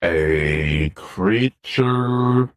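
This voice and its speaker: A man voicing a large creature that speaks slowly in short, puzzled sentences. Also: lively intonation, dry recording, clean studio sound, full character voice. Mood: booming. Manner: slow, booming, puzzled. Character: huge slow-spoken creature mount.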